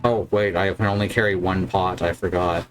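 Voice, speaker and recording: Relaxed man, low voice, gaming chat. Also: normal speed, faint music behind. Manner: relaxed, swears while playing. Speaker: game commentator. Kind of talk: casual let's-play chat.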